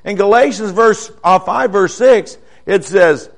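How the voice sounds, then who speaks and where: A man's voice: high voice, unhurried, gravelly. An older man preaching a folksy, conversational sermon, asking the congregation questions.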